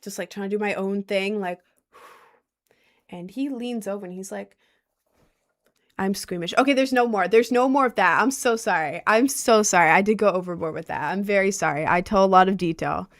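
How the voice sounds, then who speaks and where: Speaking at an even, moderate speed in a mid-range voice, a young woman meanders through an offhand anecdote packed with filler words, especially "like." Every so often she cuts in with apologetic asides about oversharing.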